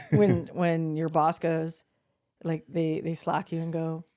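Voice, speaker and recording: A middle-aged woman with a fairly low voice chats casually on a podcast. She tells a family story with lively swings in her tone, acting out what each person said and swearing now and then. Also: slow. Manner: animated, acts out quoted dialogue, swears casually. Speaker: podcast co-host.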